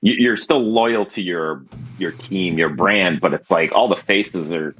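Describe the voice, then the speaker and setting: A man in casual podcast chat who speaks haltingly, with many fillers and restarts, on a dull lo-fi recording. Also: deep voice, a bit bright. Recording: dull, husky lo-fi sound.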